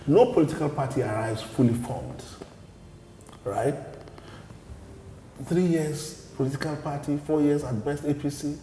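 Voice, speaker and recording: A man, a party spokesman answering interview questions in a measured, explanatory way and often repeating words as he restarts. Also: on the high side, mellow, a little hiss or hum. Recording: echoey studio with long reverb.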